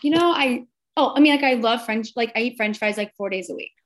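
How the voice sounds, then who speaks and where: A woman with a somewhat high voice, chatting casually as a podcast guest. She talks loosely and fills her sentences with "like". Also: fairly quick. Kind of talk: casual chat.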